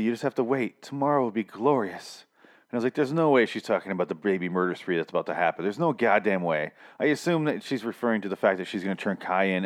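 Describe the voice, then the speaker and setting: A man casually recapping a TV episode, rambling and swearing freely as he acts out the characters' lines. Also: deep voice. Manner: profane, rambling, quick to act out characters' lines.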